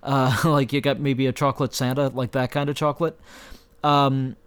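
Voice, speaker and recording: Halting, smooth-voiced man reviewing beer. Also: medium pitch, level tone. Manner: halting, many restarts and fillers. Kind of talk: casual spoken review.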